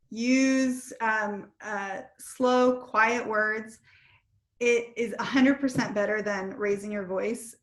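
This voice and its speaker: Candid homeschooling mom on a video call. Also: female voice, a little high, echoey room. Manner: candid and self-deprecating, many fillers. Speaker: homeschooling mom giving advice. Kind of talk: casual advice talk on a video call.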